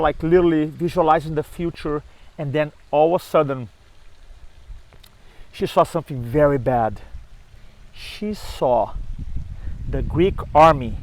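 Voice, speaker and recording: Man, high-pitched, animated storyteller, dry recording. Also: no room sound, low-quality recording. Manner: animated storyteller acting out dialogue. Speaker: speaking coach. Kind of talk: storytelling to camera.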